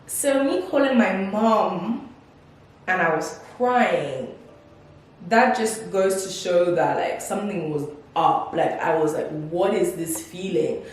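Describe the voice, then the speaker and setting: A woman's voice: medium pitch, animated, slow. A woman in her twenties chatting in a casual, reflective vlog, full of fillers and acted-out quotes. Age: 20s. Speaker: vlogger. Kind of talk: casual life-update vlog. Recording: distant mic in a very echoey room with faint noise.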